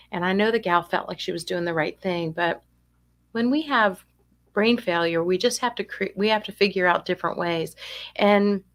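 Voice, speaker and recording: A woman's voice: medium pitch, fairly bright tone. A woman with an ordinary mid-range voice gives a talk to family caregivers about dementia care. She tells stories in a chatty, down-to-earth way and keeps tossing rhetorical questions to her listeners.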